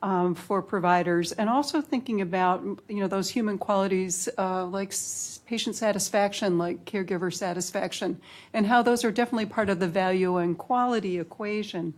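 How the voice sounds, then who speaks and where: A woman's voice: medium pitch, a little fast. A woman moderating a panel discussion, speaking hesitantly with frequent fillers.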